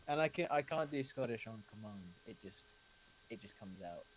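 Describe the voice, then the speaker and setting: A man's voice: medium pitch, moderate pace, slight background noise, poor audio. A man co-hosting a casual chat, joking and teasing himself. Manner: lively, self-mocking, jokey. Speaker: podcast co-host and editor.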